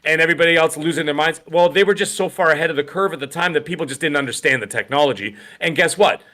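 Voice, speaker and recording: A middle-aged man co-hosting a gaming podcast in rambling, animated casual chat with many restarts. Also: on the high side, fast. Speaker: podcast co-host.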